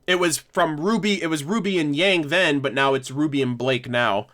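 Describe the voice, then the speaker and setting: Guy hosting a stream, kinda higher voice, rambly, laughs a lot, keeps fixing his own slips. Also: normal speed, fairly bright tone. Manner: rambling, self-correcting, laughs often. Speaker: livestream host. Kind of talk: casual livestream discussion.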